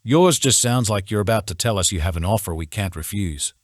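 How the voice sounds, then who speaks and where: A man reading the lines of a gentle young woman with a wry humor. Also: lowish voice, expressive, a little fast, no echo, clean studio sound. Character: shy, amused young woman.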